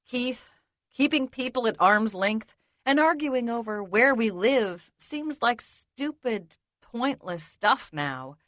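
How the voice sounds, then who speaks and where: A woman narrating a first-person romance audiobook in a measured, intimate way. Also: medium pitch, a bit bright, no echo.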